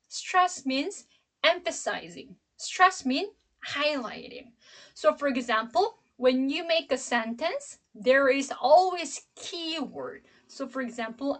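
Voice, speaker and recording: A middle-aged woman, an English professor, giving a classroom lecture in a slow, emphatic way and demonstrating intonation as she goes. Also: high-pitched, bright, forceful tone.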